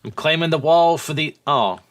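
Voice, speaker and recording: A man's voice: a little high, normal speed, fairly bright tone, no echo. Man, gaming co-host, laid-back, short replies, playful. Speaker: let's play co-host. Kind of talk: casual gaming chat.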